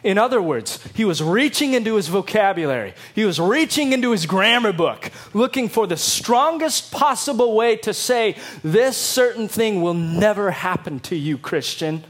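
A man preaching a sermon, emphatic and dramatic, acting out quotes in lively voices. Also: high voice, moderate pace, few pauses. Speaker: pastor.

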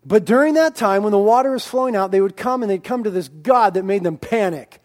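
A man preaching a sermon as pastor, with emphatic, drawn-out lines that swing between loud declarations and quiet asides. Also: high-pitched, animated.

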